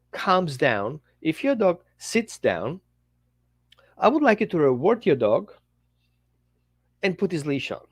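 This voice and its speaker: A man, a dog trainer, giving a casual teaching talk in an animated way, acting out little dialogues between owner and dog. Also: sits high, no echo.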